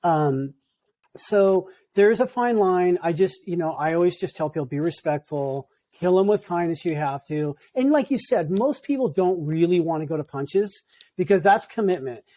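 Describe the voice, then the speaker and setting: A man's voice: high-pitched, lively intonation, normal speed, warm tone. A man in his fifties, a surf coach, talking in a laid-back, easygoing way on a podcast. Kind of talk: casual podcast chat.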